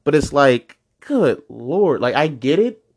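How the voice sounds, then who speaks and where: Animated, profane young male podcaster. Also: slow pace. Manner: animated, profane, pitch jumps high when annoyed. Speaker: podcast host. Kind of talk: casual solo podcast rant.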